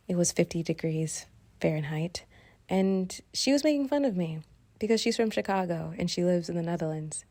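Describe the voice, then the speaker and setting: A woman from Atlanta hosts a podcast and reads a short narrated link between interview segments. Her voice is somewhat low for a woman, and the recording is dry and close. She narrates conversationally, poking a little fun at herself. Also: a little mellow, dry recording. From Atlanta, USA. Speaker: podcast host. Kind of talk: scripted narration.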